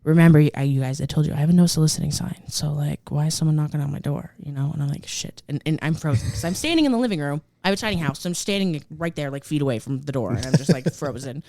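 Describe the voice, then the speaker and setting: A woman co-hosting a podcast, telling a story in a rambling, animated way full of fillers. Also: low-pitched, fast, few pauses, no room sound, clean studio sound. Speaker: podcast co-host. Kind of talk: casual storytelling chat.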